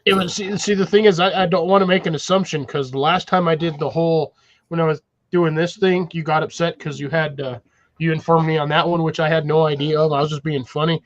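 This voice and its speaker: Male call-in guest, slightly high voice, muffled lo-fi line, playful banter. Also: steady tone, a little fast. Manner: joking, teasing. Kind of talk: casual chat. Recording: dull lo-fi call audio.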